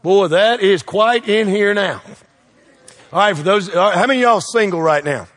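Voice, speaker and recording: A man's voice: high voice, in a large hall. A man preaching a sermon as pastor, joking with the congregation and throwing questions back at them. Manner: preachy and joking, quick shifts in loudness, call-and-response questions.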